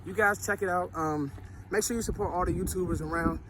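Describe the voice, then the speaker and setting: A man talking casually about football on his vlog, out of breath and sweaty after a workout, animated and full of slangy restarts. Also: high voice, brisk, a little hiss or hum. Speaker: sports vlogger.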